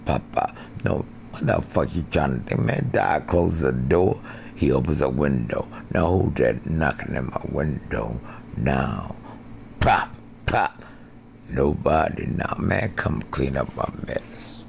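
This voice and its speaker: Gravelly, very deep rambling man. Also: expressive, unhurried, a little mellow, a little hiss or hum. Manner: rambling, profane, jumps into squeaky voices. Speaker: amateur podcaster. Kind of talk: rambling improvised skits. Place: porch outdoors.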